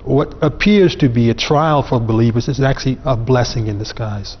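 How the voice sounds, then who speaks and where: As a guest on a panel, a man explains religious ideas earnestly and emphatically in a medium-pitched voice at a moderate pace. The recording sounds dull, with long reverb.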